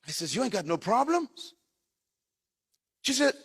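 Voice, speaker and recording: A male pastor preaches in short, punchy phrases and slips into storytelling. His voice sits high and bright, with a lively, swinging pitch. Long reverb from the church hall trails each line. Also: measured pace, husky. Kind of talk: sermon.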